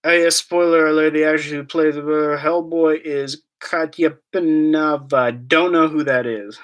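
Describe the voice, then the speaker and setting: A man's voice: fairly high pitch, steady tone, moderate pace, hardly any pauses, fairly bright tone. A man hosting a casual live-stream Q&A, rambling and joking as he reads out and answers chat questions. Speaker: YouTube collector channel host.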